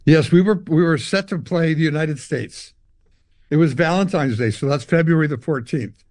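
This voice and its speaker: In a dry recording, a fairly high-voiced older Canadian musician talks at normal speed as an interview guest. An animated storyteller, he relates long tales and performs the dialogue and guitar sounds himself.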